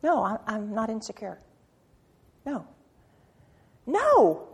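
A woman preaching a sermon with passion, firing rhetorical questions and swinging from loud to hushed. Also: a little high, unhurried. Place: church sanctuary. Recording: reverberant hall.

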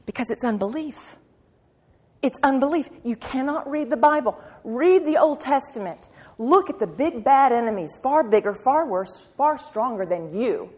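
A woman preaching a sermon with passion, firing rhetorical questions and swinging from loud to hushed. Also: high voice, lively intonation, normal speed, slightly rough. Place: church sanctuary. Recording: reverberant hall.

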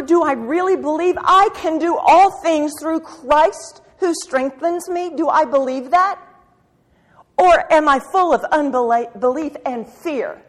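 A woman preaching a sermon with passion, firing rhetorical questions and swinging from loud to hushed. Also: sits high, slow. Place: church sanctuary. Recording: reverberant hall.

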